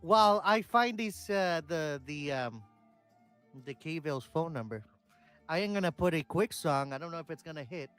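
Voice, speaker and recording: High-voiced man rambling on a live stream. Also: expressive, moderate pace, a bit bright, smooth, soft background music. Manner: loose, rambling, swearing. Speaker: co-host. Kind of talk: casual chat on a live stream.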